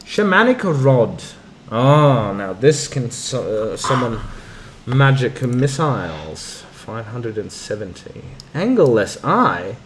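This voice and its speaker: Taking it slowly, a game streamer with a mid-range voice and big pitch swings casually narrates his let's play, reading the game's text and muttering asides. Game music and a little hiss or hum sit behind him.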